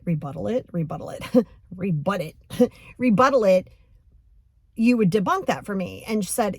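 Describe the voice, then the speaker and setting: A woman coach talks through her podcast in a loose, animated way, slipping into quoted voices and laughing as she goes. Her voice sits at an ordinary middle pitch for a woman. The recording is dry and close, with no room sound. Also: no room sound. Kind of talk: casual podcast monologue.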